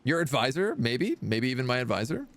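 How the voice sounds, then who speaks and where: A man with a medium-pitched, fairly bright voice talks briskly, his pitch swinging widely. He's streaming a strategy game from a home room by a window, chatting casually and rambling playfully between moves.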